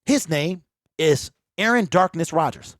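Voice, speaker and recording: A man's voice: a little high, measured pace, no echo, clean studio sound. A man giving a fired-up, opinionated solo sports commentary, talking straight to his viewers in loose slang, recorded on a desk mic at home. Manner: animated, preachy, talks straight to viewers with slang. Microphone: home desk mic that pops.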